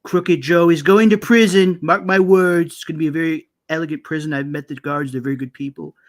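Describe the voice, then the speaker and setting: A bragging, blustering older politician, as a man puts him on for laughs. He rattles along quickly in a slightly raised voice, repeating himself and patting his own back. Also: a little high, fairly even intonation, lightly acted. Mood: boastful. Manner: repetitive bragging, self-praising. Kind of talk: comic impression.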